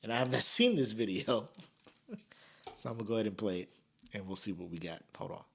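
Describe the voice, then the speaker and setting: Animated laughing man hosting a podcast. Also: lowish voice, brisk, vocal fry, a little hiss or hum. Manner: laughs a lot, slangy and animated. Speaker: podcast host. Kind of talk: casual commentary.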